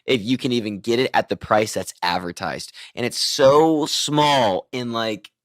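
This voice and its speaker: A man's voice: mid-range voice, a little slow, fairly bright tone, dry recording. A man hosting a podcast, telling a crude story with frequent swearing and laughter. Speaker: podcast host. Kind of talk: casual podcast chat.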